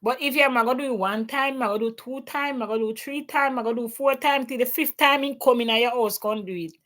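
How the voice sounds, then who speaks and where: A woman's voice: fairly high pitch, fast, fairly bright tone. A Jamaican woman living in Canada, hosting a casual opinion chat and mixing patois into her English with plenty of emphasis. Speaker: livestream host. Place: home in Canada.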